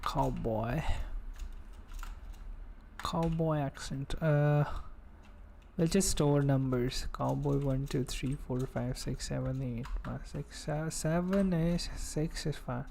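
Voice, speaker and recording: A man's voice: a little high, fairly even intonation, slow, gravelly, mellow, a little hiss or hum. A man with an Indian accent chatting casually on a live coding stream, muttering to himself and reading tutorial text aloud.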